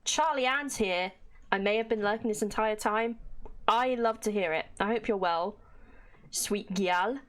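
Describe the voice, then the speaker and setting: A woman's voice: medium pitch, measured pace. A woman streaming a game live, chatting casually with her chat and reading in-game text aloud. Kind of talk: casual gameplay livestream chat.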